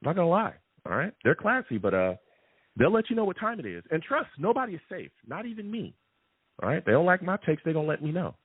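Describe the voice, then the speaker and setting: Hosting a live sports call-in podcast, a man talks fast in an animated, chatty style, often repeating "okay?" and "all right?" His voice is fairly high, a bit husky, and swings widely in pitch. It sounds tinny and thin, like a phone call, and is very dry with no echo.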